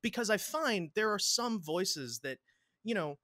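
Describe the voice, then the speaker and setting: A man's voice: high voice, animated, a little slow, sharp tone, no room sound, clean studio sound. A man chatting as a podcast guest, rambling with restarts and repeated words, laughing often. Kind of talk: casual interview chat.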